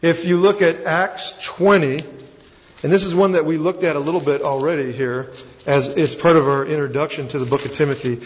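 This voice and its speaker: A man's voice: a little high, steady tone, fast. A man with a Texan accent, teaching a Bible lesson as a pastor in a folksy, self-deprecating, conversational way. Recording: dull recording with long hall reverb.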